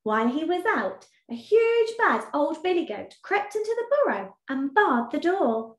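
A woman teacher tells a story to young children in a high, lively, sing-song voice, taking her time over each phrase. Her voice rings a little in an echoey room. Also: unhurried. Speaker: primary school teacher. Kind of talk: reading a storybook aloud in an online lesson.

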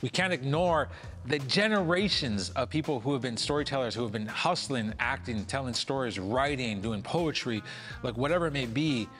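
A man who is a comedian and organizer, guesting on a casual show and talking in a lively way, laughing and swearing freely. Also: medium pitch. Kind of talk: casual chat.

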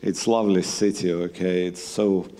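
Man, middle-aged, Russian accent, lowish voice, halting with fillers, dry humour, long hall reverb. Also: little pitch movement, mellow. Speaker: guest scientist. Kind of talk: live on-stage conversation. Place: museum event hall, live audience.

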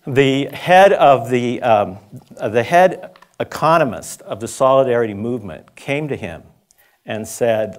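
A man's voice: mid-range voice, animated, a little slow. A man giving a conference lecture, telling an anecdote in a loose, conversational way, with restarts and asides. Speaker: conference speaker. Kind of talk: storytelling lecture. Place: school conference talk.

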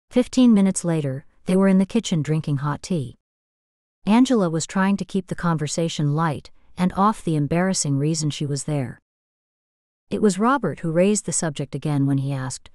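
Low-voiced woman narrating an audiobook. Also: animated, brisk, a little mellow, dry recording, studio quality. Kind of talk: scripted narration.

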